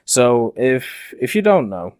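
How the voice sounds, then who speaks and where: A young Englishman from Yorkshire with a neutralized, softened Yorkshire accent, talking slowly and deliberately with many fillers as a gaming commentator. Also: medium pitch, sing-song, no room sound, studio quality. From Yorkshire, England. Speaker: gaming YouTuber. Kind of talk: commentary over game footage.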